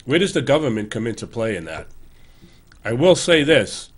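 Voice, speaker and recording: A man's voice: medium pitch, sing-song, moderate pace. Earnest older man urging listeners. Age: 60s. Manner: self-correcting, loose and conversational. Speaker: show host. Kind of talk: political commentary monologue.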